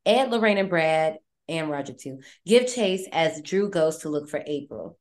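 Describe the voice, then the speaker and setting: A woman with a lowish voice hosts a podcast, retelling a horror film in loose, chatty slang. She talks animatedly and swears freely. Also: expressive, moderate pace. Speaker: podcast host. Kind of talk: casual horror movie recap.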